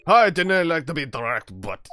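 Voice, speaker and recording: A man's voice: on the high side, very animated, normal speed, bright, forceful tone, a little hiss or hum, voice pushed up. A man voicing a hostile, burly, mustached prison governor with brusque, threatening, Scots-tinged speech, reading game dialogue on a stream. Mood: dismissive.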